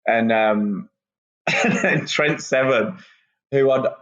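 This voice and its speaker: A wrestler, relaxed and rambling with lots of ums, chatting as a guest on a podcast. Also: male voice, mid-range voice, very slow. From England. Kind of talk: casual podcast interview. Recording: muffled lo-fi sound.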